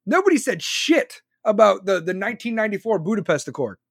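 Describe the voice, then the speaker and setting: Brief: forties man, podcast host, high-ish voice, blunt and foul-mouthed, dry close sound. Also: very animated, brisk, gravelly, husky, no room sound. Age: 40s. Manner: profane, blunt and ranting. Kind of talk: casual political rant.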